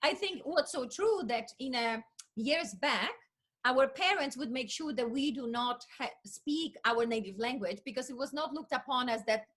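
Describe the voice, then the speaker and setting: An immigrant woman from Poland hosts a lively video-call conversation. Her voice sits high and bright, with a husky, breathy edge. She agrees eagerly and repeats herself often. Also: moderate pace. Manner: enthusiastic, repeats agreeing words. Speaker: host.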